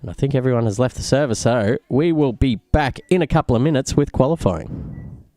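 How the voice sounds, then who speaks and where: A man's voice: mid-range voice, animated, brisk, mellow, dry recording. A man, commentating a lap of a sim racing track and explaining each corner. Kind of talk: live race commentary.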